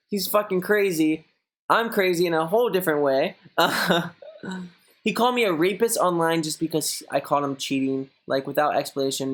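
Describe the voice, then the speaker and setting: Young man streamer chatting casually. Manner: rambling, swears often, answers viewers; mocks a high gushing voice when quoting others. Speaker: streamer reading viewer messages. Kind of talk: casual live-stream chat.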